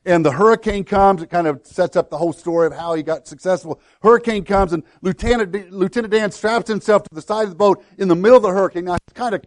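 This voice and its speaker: Man, middle-aged, pastor, sermon, slightly high voice, dry sound, earnest conversational delivery. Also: quick pace, hardly any pauses, no room sound. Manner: earnest, conversational preaching that acts out quoted prayers.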